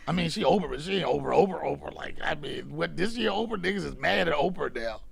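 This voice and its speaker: A man hosting a comedy podcast, telling animated stories in a casual chat, dropping loud then hushed. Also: on the high side, fast talker, vocal fry, a loud crowd.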